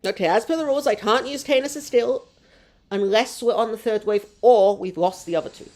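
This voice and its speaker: A woman's voice: a little high, fairly quick, a little mellow. A woman hosting a live gameplay stream, chatting with her audience in a rambling, self-mocking way. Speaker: gaming streamer.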